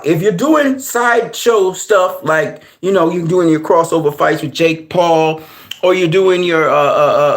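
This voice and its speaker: Heated guy going off on a rant, cussing, voice high and all over the place. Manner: angry, heated, profane ranting; animated, repeats "man". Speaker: boxing commentator. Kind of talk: ranting commentary.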